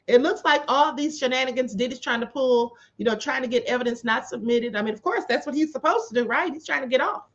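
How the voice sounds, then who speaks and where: Woman, stream host, high voice, slightly muffled lo-fi audio, opinionated chat. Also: fast, hardly any pauses. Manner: chatty, opinionated, addresses viewers directly. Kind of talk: casual commentary.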